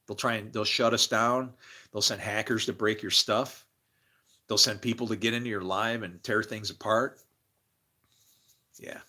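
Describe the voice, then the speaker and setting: Intense preaching man, bright voice. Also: on the low side, fairly even intonation, a little slow, long pauses. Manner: preachy and intense, swinging from murmurs to loud bursts; laughs between phrases. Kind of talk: rambling religious monologue.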